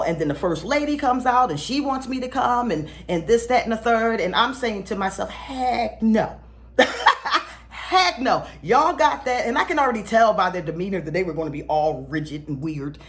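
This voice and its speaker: A woman, a spiritual teacher telling a story to her viewers in a casual, animated way, laughing often and acting out the people she meets. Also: a little high.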